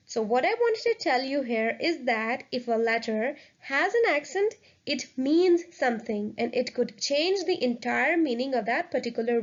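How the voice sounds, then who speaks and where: A woman explains French pronunciation in a clear, upbeat teaching manner. Her voice sits high. The recording is slightly dull and lo-fi. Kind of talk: lesson narration.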